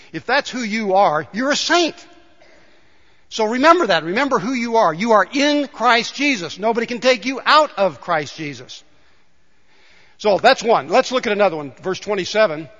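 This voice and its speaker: A man's voice: high-pitched, a bit bright. A man preaching a conversational sermon in a church, often asking the congregation questions. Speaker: pastor. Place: church sanctuary. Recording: dull reverberant church recording.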